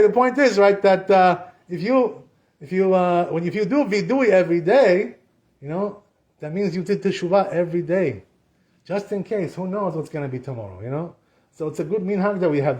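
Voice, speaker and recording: A man with a fairly high voice leads a relaxed Torah lesson and talks straight to his listeners. He keeps it conversational, drops "you know" into nearly every sentence, and acts out what people say. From Sephardic Jewish community. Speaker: Torah teacher. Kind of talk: casual Torah class.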